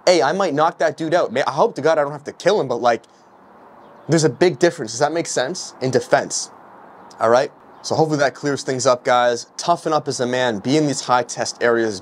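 An earnest young man preaches straight to his camera in a casual vlog, exhorting his viewers and calling them "guys" again and again. His voice sits at an ordinary middle pitch for a man, with a faint hum of background noise. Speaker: street preacher and coach.

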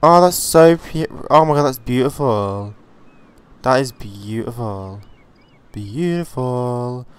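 A man hosting a let's play, giving chatty, excitable gameplay commentary and swearing freely. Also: medium pitch, a little slow, clear, resonant tone.

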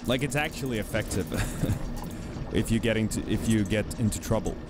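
A man giving casual gameplay commentary as host of a let's play, thinking aloud in a musing, halting way. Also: on the low side. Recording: game music clearly behind.

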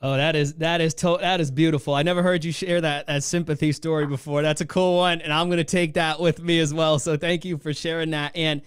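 A male podcast host asking his guest questions in an earnest, admiring way with halting phrasing. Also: fairly high pitch, level tone, clean tone, no echo, clean studio sound. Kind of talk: interview questions.

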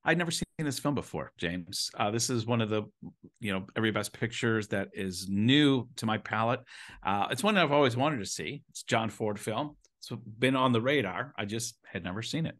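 A man's voice: fairly low pitch, animated, normal speed, fairly bright tone. An American man co-hosting a film review show, chatting in an enthusiastic, rambling way with frequent restarts. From United States. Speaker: podcast co-host. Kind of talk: casual film review chat.

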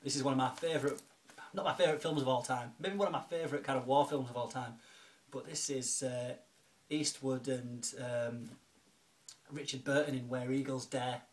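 A man talks through an unboxing in a relaxed home vlog, full of ums, restarts and repeated thanks. His voice sits at an ordinary middle pitch. A faint hiss stays under the recording. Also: normal speed. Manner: chatty and grateful, lots of fillers and restarts. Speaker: video blogger, film collector.

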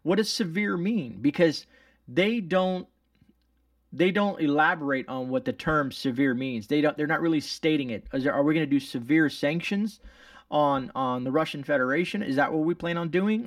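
Man, casual news commentary, sarcastic, rambling, slightly high voice, a bit distant from the mic. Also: moderate pace, dry recording, studio quality. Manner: rambling, sarcastic, frequent fillers and restarts. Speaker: channel host.

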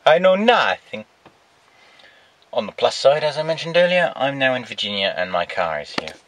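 A man's voice: medium pitch, sing-song, fast, fairly bright tone, dry recording. A man, a truck driver, talking casually to camera in a vlog with dry, self-mocking humor, outdoors by his truck. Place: outdoors beside a truck at night. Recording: noisy outdoor camera audio. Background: vehicle and traffic noise.

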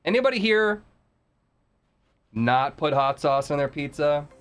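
A man's voice: a little high, expressive, a little slow, a bit bright, clean tone, dry recording. A man streaming a video game, chatting casually with viewers, thanking them and musing aloud over items. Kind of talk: casual live game commentary. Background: game music.

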